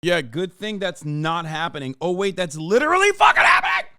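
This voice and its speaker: A man's voice: sits high, huge pitch swings, fairly quick, background noise. A man streaming live, reacting to news in a heated, profane, sarcastic rant.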